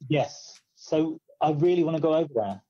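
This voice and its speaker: A man's voice: fairly high pitch, expressive, moderate pace, mellow, dull audio. A male comedian guesting on a podcast, chatting in a laid-back, cheeky way. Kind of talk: casual chat.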